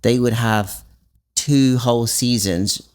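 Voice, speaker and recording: A man's voice: mid-range voice, takes it slowly. A young man hosting a casual podcast with his dad, teasing him playfully and steering each segment. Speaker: host, son.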